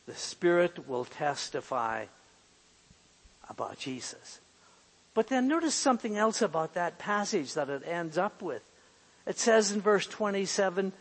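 A man's voice: medium pitch, lively intonation, unhurried, gravelly, husky. A man preaching a sermon in an earnest way, repeating key phrases for emphasis. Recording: long hall reverb.

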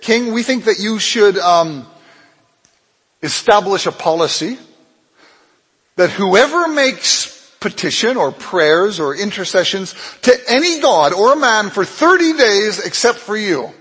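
A man preaching in a fairly high, husky voice, telling a Bible story and acting out its voices with big swings in pitch and loudness. His words ring out with a long reverb, as if he speaks in a church hall. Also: very animated, unhurried. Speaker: pastor. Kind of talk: sermon.

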